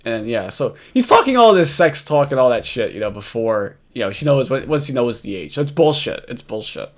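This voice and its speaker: A man's voice: mid-range voice, very animated, normal speed. A man with a New York accent, talking through a casual reaction commentary. He rambles between points, swears freely and keeps breaking into laughter as he mocks what he is watching.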